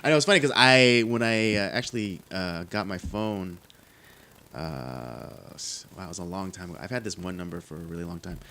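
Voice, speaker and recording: Deep-voiced Valley-accented man. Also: brisk. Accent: Californian, Valley. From San Fernando Valley, California. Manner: relaxed, many "like" and "you know". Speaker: podcast co-host. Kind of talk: casual chat.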